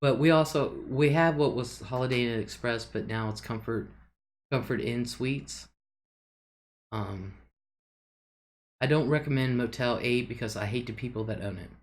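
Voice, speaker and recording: A woman's voice: extremely low pitch, moderate pace, pauses often, darkish tone. A woman hosting a casual livestream, chatting loosely, reading viewer comments aloud and laughing often. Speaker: livestream host.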